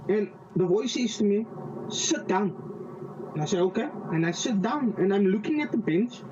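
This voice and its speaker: A man giving a personal faith testimony in an interview. He recounts a vivid dream slowly and haltingly, often repeating words and restarting his sentences. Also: high voice, expressive, dark tone. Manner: slow and vivid when describing a dream. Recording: slightly distant, dull lo-fi audio.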